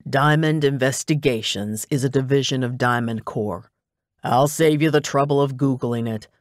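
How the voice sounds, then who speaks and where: A man's voice: mid-range voice, moderate pace, dry recording, lightly acted. A man voicing a dry, teasing male private investigator in a cozy mystery audiobook. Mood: wry. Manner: matter-of-fact, teasing. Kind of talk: audiobook dialogue.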